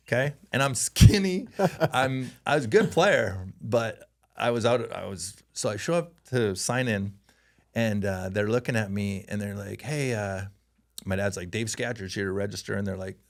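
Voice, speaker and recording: A man from Canada, a former hockey player, telling stories in a casual interview, animated and laughing often as he acts out voices. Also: on the low side, moderate pace, gravelly.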